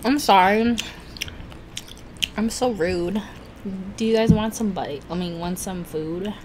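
A woman's voice: mid-range voice, darkish tone, a little hiss or hum. A woman hosting a casual eating vlog, chatty and laughing often, tripping over her words a little. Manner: chatty, laughs often, self-conscious about talking fast. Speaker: food vlogger host. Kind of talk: casual mukbang chat.

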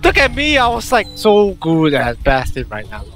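A man playing a team game online, shouting and pleading at his teammates and repeating himself, in broken English. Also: high voice, huge pitch swings, moderate pace. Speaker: gamer streaming team play. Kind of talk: excited gameplay chatter.

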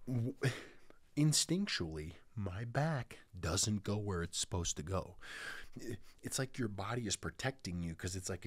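A man's voice: fairly low pitch, no echo. A man in his thirties hosting his podcast, talking in a rambling casual monologue full of restarts. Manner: rambling, with many restarts and stammered starts. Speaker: podcast host.

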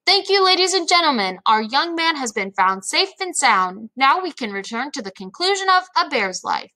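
A woman's voice: sits high, very animated, normal speed, pushed and bright, voice pushed up, heavily acted. A woman voicing a man in a suit who manages a movie theater, calling formal announcements to the audience. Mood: relieved. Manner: formal announcer phrasing, called out to a crowd. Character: adult male theater manager, formal and official.

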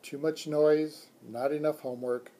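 A man's voice: fairly high pitch, steady tone, unhurried, dark tone. A man voicing a discouraged young male substitute teacher in a children's book read-aloud, talking in a weary, earnest way.

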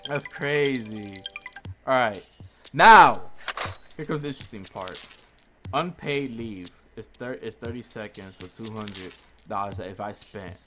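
Hyped gaming commentator, man, shouts at his crowd, music playing. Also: fairly low pitch, measured pace. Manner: excitable, yells orders at his mob. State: out of breath. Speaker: gaming YouTuber. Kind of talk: casual let's play commentary. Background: game music.

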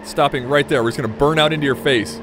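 A man's voice: medium pitch, fast talker, background noise. A young man giving casual, joking commentary while playing a driving game, rambling and talking to the characters on screen. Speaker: gaming YouTuber.

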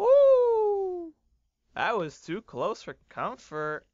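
A man doing excitable, swearing let's play commentary, ranting and often breaking into yells. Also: mid-range voice, measured pace, no echo, highs cut off. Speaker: gaming YouTuber.

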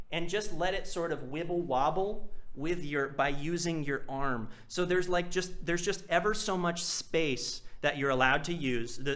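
A man teaching percussion in a live class, explaining technique casually and singing out rhythms as syllables. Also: on the high side. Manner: animated, vocalizes drum rhythms with syllables. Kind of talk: live online masterclass.

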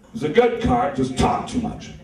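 A man doing a stand-up comedy set in a club, with deadpan delivery and crude punchlines. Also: fairly quick. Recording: live club set from a distance, echoey, audience.

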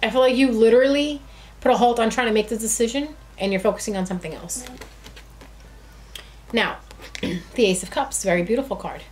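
A woman's voice: fairly high pitch, a little fast, pauses often, a little mellow, slight background noise. A woman giving a casual, chatty tarot reading who talks to her cards and addresses her viewers directly. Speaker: tarot reader.

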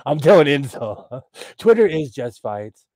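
A man's voice: medium pitch, very animated, a little slow, a little mellow. An American man co-hosting a livestream in casual chat, laughing often and riffing on viewer comments. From United States. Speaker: livestream co-host.

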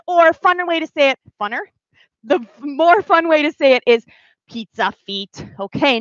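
A woman teaching a pre-recorded ballet class to small children, with an animated, sing-song way of talking. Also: high-pitched, no room sound, dull audio.

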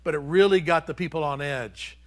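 A man preaching a sermon as pastor, emphatic and repeating key phrases, swinging between loud and hushed delivery. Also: fairly high pitch, brisk.

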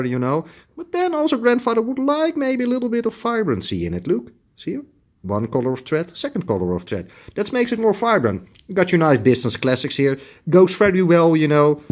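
A middle-aged man with a Dutch accent, a tailoring shop owner chatting bluntly as he shows fabrics to the camera. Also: fairly high pitch. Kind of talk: casual product showcase.

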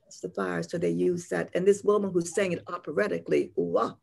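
An older woman speaks with a gravelly edge to her voice. She reads poetry with a chanting rhythm and answers questions in a slow, meandering way full of fillers. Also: on the low side, steady tone, background noise. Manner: rhythmic and incantatory in verse, unhurried and rambling in talk with many fillers. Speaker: poet and guest. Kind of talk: poetry reading and interview answers.

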